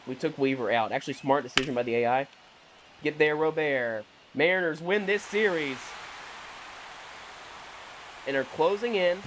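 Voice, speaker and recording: A man's voice: mid-range voice, a little hiss or hum. A young man giving casual, rambling commentary over a video game, often correcting himself and sounding mildly exasperated. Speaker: gaming YouTuber.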